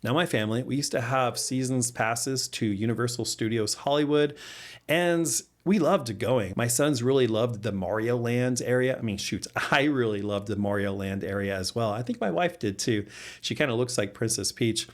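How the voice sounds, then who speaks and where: A man in his thirties, a father hosting a gaming channel, talking casually through game news with easy laughs and relaxed asides. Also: medium pitch, normal speed. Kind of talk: casual commentary vlog.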